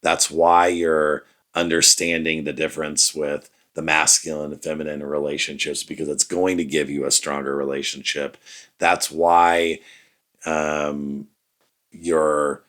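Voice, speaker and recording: A man's voice: a bass voice, a bit bright. A middle-aged man hosting a podcast, talking about parenting in an earnest, conversational way and speaking straight to the listener. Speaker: podcast host. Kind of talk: reflective parenting talk.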